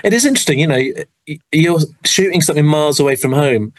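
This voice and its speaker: A man's voice: on the high side, animated, fast talker, no room sound, rough recording. An English man, an actor being interviewed, talking in a rambling, self-deprecating way with lots of restarts. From England. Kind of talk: casual interview chat.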